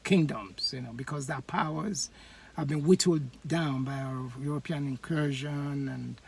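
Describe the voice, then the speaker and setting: A host from Edo State in Nigeria, speaking, giving a laughing commentary monologue with comic examples and halting fillers. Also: mid-range voice, vocal fry, husky. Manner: animated, laughing, acts out voices.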